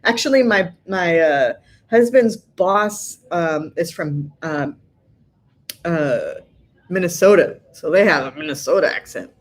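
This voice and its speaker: A woman's voice: fairly low pitch, measured pace. A tired middle-aged woman hosting a casual livestream, reading viewer comments aloud in a chatty way, laughing often and using many fillers. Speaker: livestream host.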